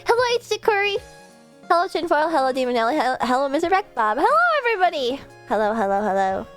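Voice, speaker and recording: A woman's voice: high voice, animated, fast, soft background music. A woman VTuber streaming from her home setup, chatting casually, rambling and swearing now and then, with a desk mic set a bit far off. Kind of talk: casual live-stream chat.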